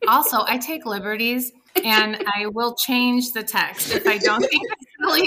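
A woman's voice: a little high, moderate pace, background noise. A woman co-hosting a chat show, talking casually and reading a children's book aloud with lots of laughter. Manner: animated, laughs often. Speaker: podcast co-host.

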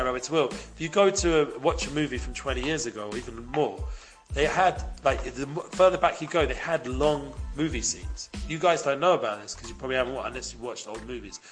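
Man, mid-pitched, speaking to a live audience: loose, rambling, animated delivery, lots of "like", faint music underneath. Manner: rambling and animated, heavy use of "like", bursts into loud sound effects. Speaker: guest speaker at a community gathering. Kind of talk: motivational talk to a live group.

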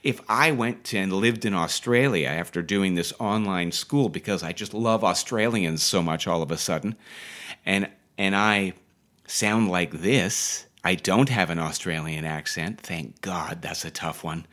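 A man's voice: deep voice, normal speed, a bit bright. Enthusiastic rambling acting coach, a man. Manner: enthusiastic, rambling with restarts and digressions. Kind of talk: casual teaching podcast.

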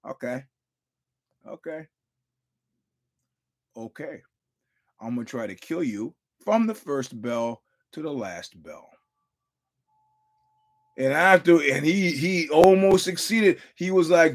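A man's voice: on the high side, measured pace. A male podcast host giving casual fight commentary. He tells profane stories, acts out quotes, repeats and restarts his words, and chuckles often.

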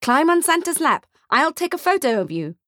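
A woman's voice: sits high, big pitch swings, normal speed, fairly bright tone, dry recording, clean studio sound, pitched above the performer's own voice. A woman doing a smarmy, greedy mall photographer. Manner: smarmy, sneering salesman patter.

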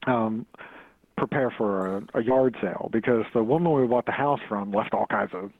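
A man's voice: on the low side, normal speed, no room sound. A man, a podcast guest, telling a personal story in a casual way, often stumbling, repeating words and chuckling as he goes. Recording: dull lo-fi audio.

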